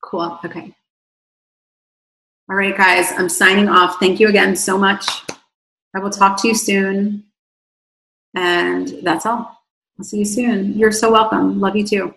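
A woman coaching viewers on a livestream, reading their comments aloud and answering at length. Her voice is gravelly with vocal fry and is wearing thin after talking for a long time. The sound carries the echo of the room around her. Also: mid-range voice, level tone, a little slow, long pauses. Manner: effusive, rambling, warm toward viewers. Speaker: online coach.

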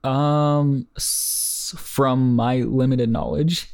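Gravelly-voiced man reading and chatting. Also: medium pitch, fairly even intonation, drawn-out words, a little mellow. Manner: thoughtful, hesitant, many fillers and restarts. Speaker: podcast host reading the book aloud. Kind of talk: casual book-club chat with read-aloud passages.

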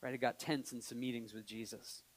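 A man's voice: medium pitch, little pitch movement, a little fast. A man preaching a sermon as pastor, earnest and building to emphatic peaks, with light laughs between points. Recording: long hall reverb.

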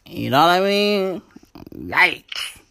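A woman's voice: fairly low pitch, big pitch swings, slow pace, gravelly, sharp tone, slight background noise. A woman hosting a casual comedy chat, loose and profane, full of slang and rambling asides.

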